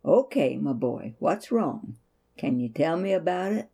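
A woman reads the part of a kind, devout storybook mother, using a soft, mellow, motherly voice that is low-pitched, gravelly and husky. She talks unhurriedly and soothingly with calm, steady faith, gently reassuring in a heavily acted performance.

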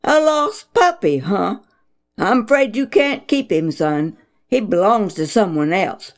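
A woman doing a booming firm father. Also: very animated, unhurried. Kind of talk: storybook reading.

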